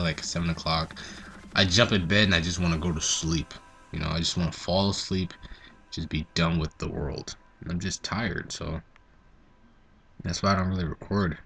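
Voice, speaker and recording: A teenage boy talks over his gameplay in a loose, rambling way, and his fairly low voice jumps up when a story gets going. Soft game music plays behind him. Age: teens. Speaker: gaming channel host. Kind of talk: casual gameplay commentary.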